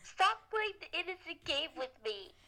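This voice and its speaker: A young woman with a high-pitched, very animated voice. She plays along in a silly role-play with a friend and hams up every objection. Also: normal speed, gravelly, slight background noise. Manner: dramatic protests, lively and high-pitched. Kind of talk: casual improvised role-play.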